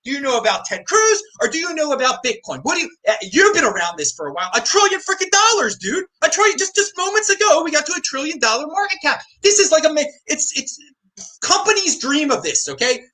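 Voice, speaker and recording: A man hosting a live-streamed panel, talking in an excitable, ranting way. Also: extremely high pitch, quick pace. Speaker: show host.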